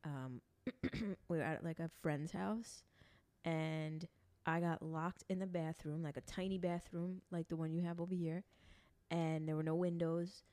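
A young woman telling stories in casual chat with friends, animated and swearing casually. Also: sits low, measured pace.

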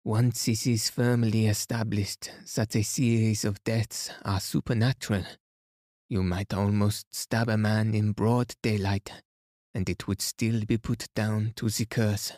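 A man reading aloud as a fastidious elderly detective, speaking gently and gravely. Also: lowish voice, level tone, dry recording, studio quality, natural voice. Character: fastidious elderly male detective, calm and placid.

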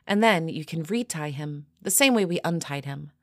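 A woman's voice: low voice, animated, moderate pace, dry recording, studio quality. A woman voicing a taunting young sorority sister who teases and giggles, in an audio story. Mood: mocking. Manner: teasing, giggly.

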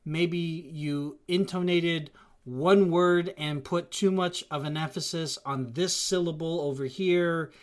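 A speaker in casual chat who rambles and talks in an animated way, often acting out what others say. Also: mid-range voice, slow. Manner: rambling, animated, acts out quotes.

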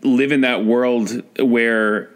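A man's voice: mid-range voice, fairly even intonation, very slow. A man co-hosting a podcast in casual chat, laid-back and hesitant as he works through his points. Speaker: podcast co-host.

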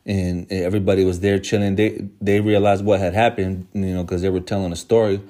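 A man with a low voice telling a personal story to his viewers. He talks in loose, casual slang, restarts his sentences often and swears freely. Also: level tone, fairly quick, dark tone. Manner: profane, slangy, rambling.

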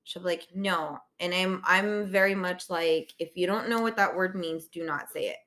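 A woman co-hosting a casual podcast chat, telling stories in an animated way, swearing freely and laughing often. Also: lowish voice, moderate pace. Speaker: podcast co-host.

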